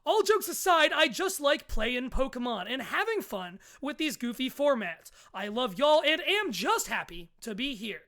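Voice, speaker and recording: Over-the-top news reporter, put on by the host; grandiose, mock-menacing, high bright tone. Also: sing-song, normal speed, hardly any pauses.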